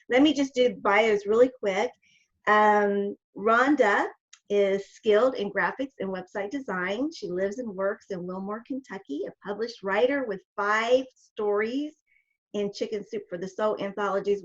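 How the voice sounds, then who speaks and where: A woman's voice: mid-range voice, lo-fi sound. A woman with a regional American accent, co-hosting a video chat and introducing guests in an enthusiastic, chatty way that drifts off topic. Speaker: podcast co-host.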